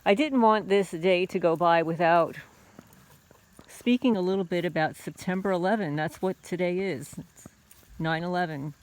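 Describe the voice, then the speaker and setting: Here a fairly low-pitched, middle-aged American woman, host of her own homesteading channel, recounts something personal. Her delivery is loose and conversational, peppered with fillers and restarts.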